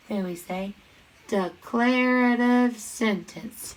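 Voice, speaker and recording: A woman teaching a grammar lesson, chanting sentence parts in quick questions and answers and speaking to students directly. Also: a little high, expressive, sharp tone, poor audio. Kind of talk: recorded classroom lesson.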